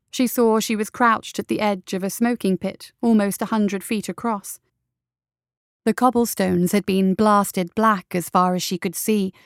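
A woman reading fantasy narration for an audiobook in a steady, measured way. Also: medium pitch, clear, resonant tone, no room sound, clean studio sound.

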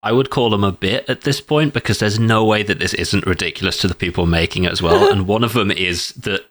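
A man co-hosting a film podcast, enthusiastic and quick to laugh in casual chat. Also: on the low side, a bit bright. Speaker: podcast co-host.

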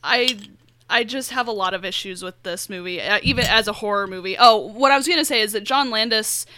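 A woman co-hosting a movie podcast, talking bluntly and laughing often. Her voice is bright and crisp. The sound is dry and close. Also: mid-range voice, no echo. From United States. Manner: blunt, laughing, quick to swear. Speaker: podcast co-host. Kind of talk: casual chat.

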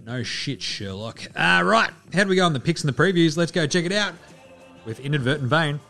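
A man's voice: on the high side, expressive, a little fast, vocal fry, sharp tone, soft background music. A man hosting a basketball show in casual solo commentary, loose and chatty, with the odd swear word. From Australia. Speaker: basketball podcast host.

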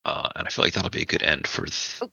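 A man running a tabletop role-playing game as game master, narrating in a relaxed, halting way with many fillers. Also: no echo, rough recording.

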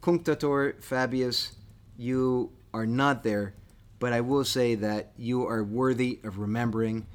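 A man's voice: medium pitch, steady tone, a little slow, clean tone. A man co-hosting a history podcast in casual chat, enthusiastic and eager as he wraps up the episode. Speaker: podcast co-host.

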